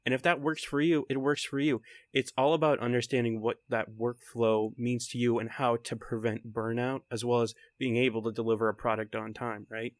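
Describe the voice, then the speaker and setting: A young man from Texas with a faint Texan accent, co-hosting a casual podcast in an excitable, rambling way, laughing often and swearing casually. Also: medium pitch, brisk, hardly any pauses, no echo. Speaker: podcast co-host.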